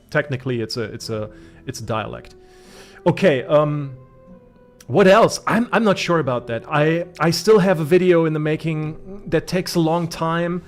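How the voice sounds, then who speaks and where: A man from Germany with a German accent, chatting casually as a gaming streamer, rambling with many fillers and restarts. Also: medium pitch. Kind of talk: casual live-stream commentary.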